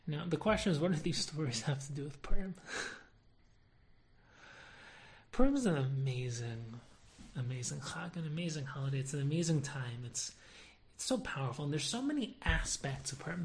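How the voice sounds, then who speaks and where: A woman with a deep voice gives a religious lesson, opening with stories. She tells them in an animated way and chuckles at her own jokes. Her talk moves between lively and soft and thoughtful. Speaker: Torah teacher. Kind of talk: storytelling lesson.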